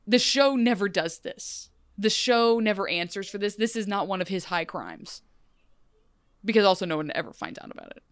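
A young woman co-hosting a casual podcast chat, animated and full of quick restarts. Her voice sits at an ordinary middle pitch and comes across close and dry, with no room sound around it. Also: dry recording. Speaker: podcast co-host.

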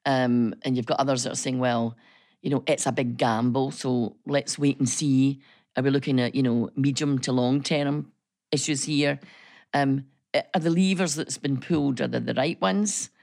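A middle-aged Scottish woman with a low voice and a gravelly edge, chatting as a radio guest. She tells her stories in a lively, talkative way, often restarting her sentences. The studio sound is dry and close. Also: moderate pace, no echo. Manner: animated storyteller, chatty, many restarts. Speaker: business chamber chief executive, guest. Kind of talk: casual radio chat.

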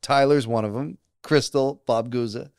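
Animated male actor telling stories. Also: mid-range voice, normal speed, vocal fry, smooth, dry recording, clean studio sound. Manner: animated storyteller who acts out other people's lines. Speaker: actor guest. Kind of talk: casual storytelling interview.

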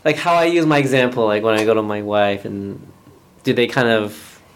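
A man guest on a casual podcast chat, teasing the host with quick questions and laughs. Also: on the low side.

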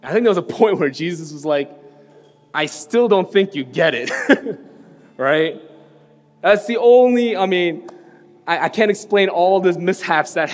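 A man giving a sermon, telling a personal story in a casual, conversational way and often checking in with "right?". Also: high voice. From New York. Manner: conversational, self-deprecating storytelling with frequent "right?". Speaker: preacher. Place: church hall. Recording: reverberant hall with soft music.

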